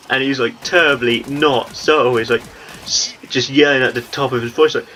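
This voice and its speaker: A man's voice: mid-range voice, normal speed, pushed and bright, slight background noise, rough recording. A young man with an English accent, talking in a rambling, chatty way as he commentates on his gameplay. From England. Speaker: gaming channel host.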